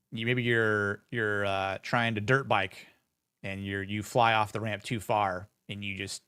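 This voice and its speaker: A man's voice: on the low side, fairly bright tone, dry recording, studio quality. A man in his forties hosting a live podcast, talking casually with many fillers and sarcastic asides. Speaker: podcast host. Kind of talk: casual live-stream commentary.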